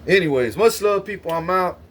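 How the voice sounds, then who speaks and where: A man with a high, fairly bright, expressive voice talks a little fast as he rants to camera. The vlogger is angry and boastful, throwing out profane threats with swagger and repeatedly stuttering through restarts.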